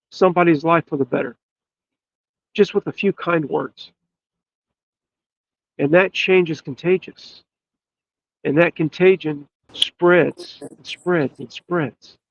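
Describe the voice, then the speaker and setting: A man, a podcast guest, telling a story in an earnest, emphatic way with drawn-out pauses. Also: high-pitched, gravelly, no echo. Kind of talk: storytelling in casual chat. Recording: dull, lo-fi dry sound.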